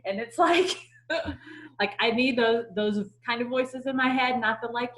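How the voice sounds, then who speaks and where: A woman's voice: fairly high pitch, unhurried, poor audio. Chatty woman on a coaching team call. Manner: chatty, many "like" fillers, animated quoted voices. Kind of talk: casual chat.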